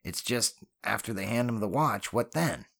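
A nervy, quick-joking young criminal, which a male narrator puts on with a noticeably higher voice than his own low narration. He frets and needles his partner in an audiobook scene, lively and fast on his feet. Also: creaky, husky, heavily acted.

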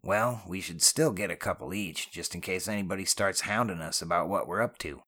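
A man voicing a wisecracking young male criminal, joking and a little anxious, in a higher voice than his narration. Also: fairly quick, bright, forceful tone.

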